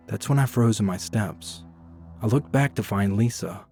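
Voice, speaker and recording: A man giving a scripted first-person horror narration in an even, somber storytelling manner. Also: on the low side, unhurried, no room sound, faint music behind.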